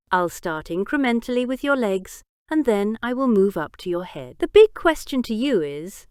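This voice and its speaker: A woman voicing a cold, deliberate vigilante avenger. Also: mid-range voice, a little mellow, clear, resonant tone, dry recording, studio quality.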